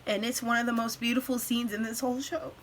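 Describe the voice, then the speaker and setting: A woman in her twenties who is tearfully gushing in a reaction vlog, her voice breaking into hushed asides as she cries. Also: a little high, little pitch movement, fast talker, slight background noise. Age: 20s. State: tearful, crying. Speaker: video creator.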